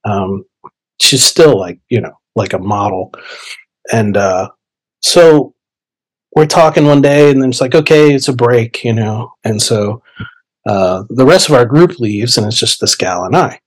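A young man casually telling a personal story, animated and chatty, acting out his own inner dialogue. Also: mid-range voice, unhurried, rough recording. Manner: animated, conversational, lots of fillers and quoted inner dialogue. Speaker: podcast guest storyteller.

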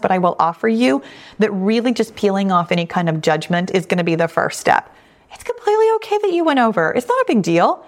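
A middle-aged woman hosting a weight loss podcast, answering listener questions in a reassuring, conversational way. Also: medium pitch. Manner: warm, reassuring, conversational with frequent restatements.

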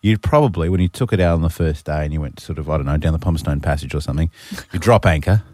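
A man's voice: extremely low pitch, rapid-fire, a little mellow, no echo. A man in his thirties with an Australian accent, co-hosting a radio show in jokey banter with stumbling restarts. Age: 30s. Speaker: radio co-host. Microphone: studio microphone.

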